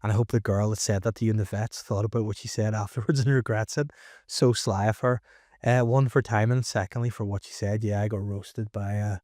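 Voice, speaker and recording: A man's voice: fairly low pitch, fairly even intonation, a little fast, darkish tone, dry recording. A Northern Irish man hosting a comedy podcast, teasing his guest in a dry, casual way. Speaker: podcast host.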